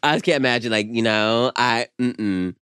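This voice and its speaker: A man's voice: mid-range voice, normal speed, clear, resonant tone, dry recording, studio quality. A young man co-hosting a podcast, telling stories in casual chat, acting out quotes and laughing often. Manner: animated storytelling with acted quotes and big laughs. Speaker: podcast co-host.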